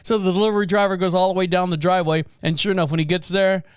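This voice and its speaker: Smooth high-voiced podcast host man. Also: level tone, very fast, no room sound, studio quality. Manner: rambling, self-correcting, chuckles often. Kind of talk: casual podcast chat.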